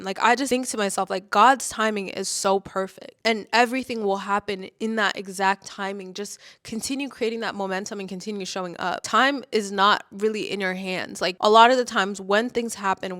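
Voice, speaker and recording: A woman's voice: medium pitch, fairly bright tone. A young woman in her twenties giving casual motivational talk to the camera, earnest and chatty with lots of "like" and "okay?". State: tearful and emotional while talking about her mother. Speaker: lifestyle vlogger. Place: indoors, filming herself.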